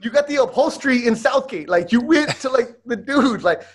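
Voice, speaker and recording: High-voiced animated Los man. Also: brisk. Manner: animated storyteller, slangy. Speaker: podcast co-host. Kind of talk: casual chat.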